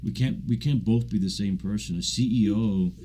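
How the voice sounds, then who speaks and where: A man with a very low, mellow voice, speaking as a guest in a relaxed, slangy style. His tone stays soft and unforced. Faint hiss is heard under him. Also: normal speed. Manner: laid-back, slangy, says man and bro. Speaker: guest, tech sales professional. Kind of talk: casual conversational interview.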